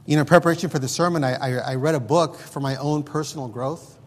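A man's voice: a little high, steady tone, fast talker, long reverb tail. A man preaching an earnest sermon, his volume swelling and dropping as he exhorts the congregation. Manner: earnest preaching, rising and falling loudness.

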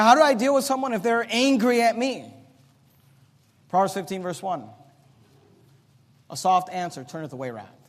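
A man preaching a sermon as pastor. He swings between loud, emphatic peaks and quiet, teaching passages. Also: a little high, big-room sound.

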